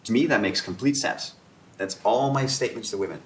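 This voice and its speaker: A man's voice: lowish voice, fairly quick. A man from Canada, an author and host, telling stories at a round-table discussion and acting out the dialogue as he goes. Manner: animated storyteller who acts out dialogue. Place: room around a table. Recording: roomy echo, faint background noise.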